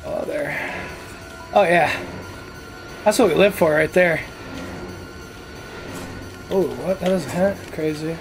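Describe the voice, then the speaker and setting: A man's voice: a little high, steady tone, slow pace, long pauses, music in the background, rough recording. A man giving casual gameplay commentary as a channel host, talking cocky trash with plenty of swearing.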